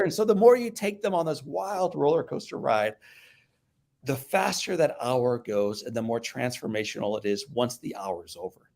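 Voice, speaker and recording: A man from the American Midwest, a guest speaker, telling a personal story in an animated way that swings between loud outbursts and hushed tones. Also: medium pitch, moderate pace, vocal fry.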